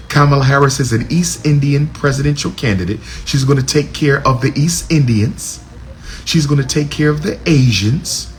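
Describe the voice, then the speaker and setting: A man's voice: on the high side, slight background noise. A man giving a political commentary monologue, preachy and repetitive, with rising and falling emphasis.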